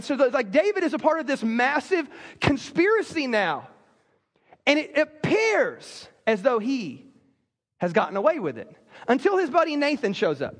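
A man pastor preaching a sermon in a casual, animated storytelling manner, full of fillers. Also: very high-pitched, in a large hall.

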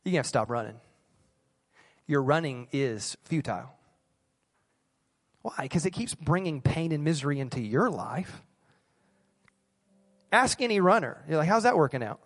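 A male pastor delivers a church sermon with a slightly high voice. He pleads earnestly and repeats key phrases for emphasis, speaking straight to the people in front of him. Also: big pitch swings, moderate pace, long pauses, a bit bright, big-room sound. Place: church service.

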